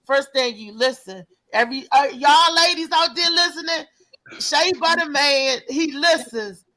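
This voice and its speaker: A woman hosting a casual talk show, lively and prone to repeating words as she starts a thought. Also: sits high, measured pace, rough recording. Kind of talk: casual call-in chat.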